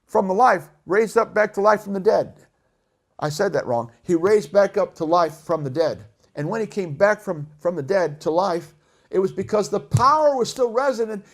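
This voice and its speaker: High-voiced impassioned male preacher. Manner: impassioned preaching, swinging between hushed and shouted. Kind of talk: sermon.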